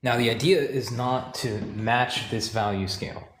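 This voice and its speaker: A man teaching painting, talking calmly and thinking aloud while he works, sometimes correcting himself. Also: medium pitch, unhurried, a little hiss or hum. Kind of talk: live painting demonstration.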